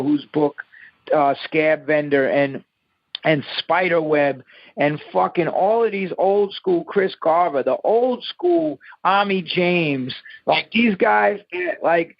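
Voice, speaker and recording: A man's voice: fairly high pitch, gravelly, no room sound. A man in his fifties, a musician interviewed over the phone, telling stories in a profane, emphatic way. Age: 50s. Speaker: musician guest. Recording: dull lo-fi phone line.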